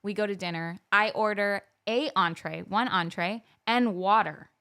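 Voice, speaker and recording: A woman's voice: medium pitch, a little slow, smooth. A young woman co-hosting a podcast, telling a story in casual chat and acting out the quoted lines. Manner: animated, acts out quoted dialogue. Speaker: podcast co-host.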